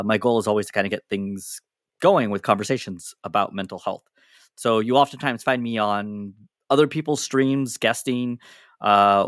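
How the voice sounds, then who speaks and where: A man's voice: lowish voice, fairly bright tone, no room sound, studio quality. A man guesting on a casual podcast interview, chatty and laughing, often restarting his sentences. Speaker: psychologist. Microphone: lapel mic.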